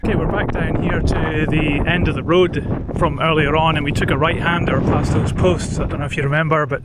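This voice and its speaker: A man narrating his hill walk casually to the camera, relaxed and self-deprecating, pausing often on "uh" while outdoors on an open hillside. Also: on the high side. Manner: chatty, relaxed, self-deprecating, with frequent "uh" pauses. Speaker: hiking vlogger. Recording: outdoor recording with wind noise.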